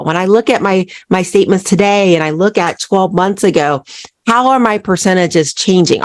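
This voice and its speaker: A woman's voice: mid-range voice, no echo. A woman hosting a solo business podcast. She keeps putting questions to her listeners and tags "right?" onto her points. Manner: asks listeners repeated rhetorical questions, says "right?" often. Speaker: podcast host and accountant.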